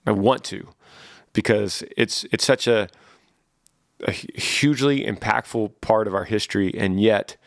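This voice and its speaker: A man in his thirties with a fairly low voice hosts a casual faith podcast. He answers listener questions in an earnest, sermon-like way and often repeats words as he gathers his thoughts. The recording is dry, close to the mic. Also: measured pace, vocal fry, dry recording. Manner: earnest, preachy, repeats words while thinking.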